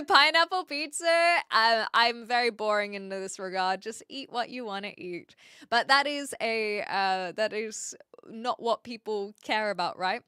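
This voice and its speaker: A woman with a New Zealand accent talks casually with her stream chat, stopping now and then to search for words. Her voice sits a little high and sounds bright and crisp. The sound is dry and close, with no room echo. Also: measured pace. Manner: chatty, thinks aloud and hunts for words. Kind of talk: casual live-stream chat, answering viewers.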